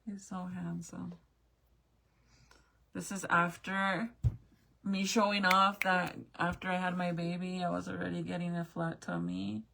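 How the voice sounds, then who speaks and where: A woman's voice: fairly low pitch, little pitch movement, unhurried, vocal fry, bright, forceful tone, slight background noise. A young woman chatting casually with viewers as she looks back through old family photos, swearing now and then. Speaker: mom vlogger.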